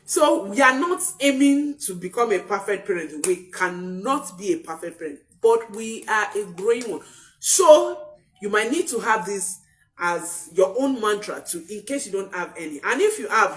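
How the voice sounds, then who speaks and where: A woman parenting coach giving a motivational talk, expressive and repeating key phrases for emphasis. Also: medium pitch, normal speed, far from the mic.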